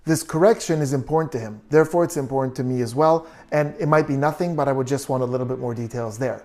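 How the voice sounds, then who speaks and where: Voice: mid-range voice, quick pace, a little mellow. A body language analyst giving true crime video commentary, reasoning through details and asking many questions.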